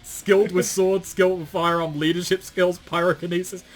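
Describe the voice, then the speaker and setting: Over loud background music, a man with a high-sitting, level voice at normal speed co-hosts a casual commentary show. He reads material aloud and mocks it with sardonic asides, swearing and laughing often.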